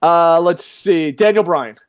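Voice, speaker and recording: A man's voice: fairly high pitch, slow, dry recording. Profane, joking middle-aged man. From lives in Japan. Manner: profane, joking, laughs often. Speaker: podcast host reading chat. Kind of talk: casual live-stream chat.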